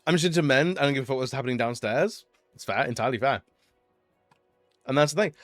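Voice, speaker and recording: A man's voice: medium pitch, fast, no echo, faint music behind. Playful man on a dry mic. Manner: playful, laughing often, swearing, rambling. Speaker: streamer. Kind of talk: casual live-stream chat.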